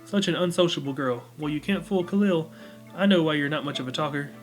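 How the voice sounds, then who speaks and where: A man voicing a vain, fussy city-bred gentleman with a pompous, affected manner, reading a game's dialogue aloud. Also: on the high side, brisk, faint music behind, lightly acted, rough recording. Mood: haughty, meddling.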